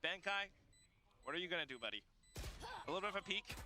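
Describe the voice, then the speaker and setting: A man's voice: sits high, expressive, fast talker, pushed and bright, a little hiss or hum. A man calling esports play-by-play with dramatic rising and falling calls. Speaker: play-by-play caster.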